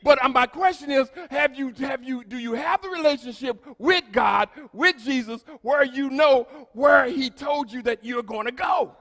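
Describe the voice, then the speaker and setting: A man preaching a sermon to his congregation as pastor, swinging between shouted lines and quiet, low asides. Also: normal speed, few pauses, in a large hall.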